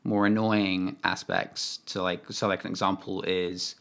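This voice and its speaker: Lower-voiced man, halting chat. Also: flat delivery, gravelly, fairly bright tone. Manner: hesitant, lots of fillers and restarts. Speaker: podcast co-host. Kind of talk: casual chat about video games.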